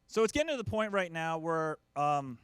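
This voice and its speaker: Animated high-pitched stand-up comedian man. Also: normal speed, smooth, dry recording. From United States. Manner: animated, acts out family members in quoted voices.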